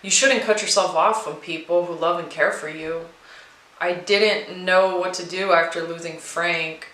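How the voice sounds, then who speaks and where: Welcoming widow, gentle but pushy, as a woman narrator voices her. Bright, echoey read. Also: fairly low pitch, fairly even intonation, unhurried. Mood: coaxing. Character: warm, insistent widowed mother.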